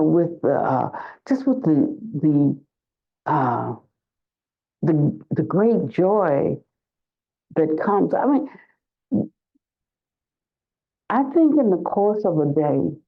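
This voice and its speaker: An older woman gives a slow, unhurried dharma talk as a Buddhist teacher. She is reflective and pauses to search for words, then grows lively when she tells a story. The recording is dull and lo-fi. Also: on the low side.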